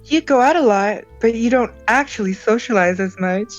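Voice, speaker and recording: A woman's voice: fairly high pitch, moderate pace, highs cut off, soft background music. A woman reading visual novel dialogue aloud with friends, with playful, teasing line reading.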